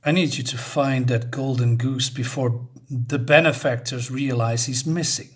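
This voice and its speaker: A man's voice: medium pitch, steady tone, a little slow, voice pushed down, lightly acted. A man reading the lines of an impatient villain boss in a comic, in a curt way. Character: impatient male villain boss behind a secret project.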